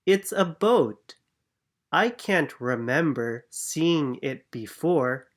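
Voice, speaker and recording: Reader doing a shy worried little girl, storybook, super slow and gentle. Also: medium pitch, expressive. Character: anxious young girl, shy. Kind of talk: storybook reading.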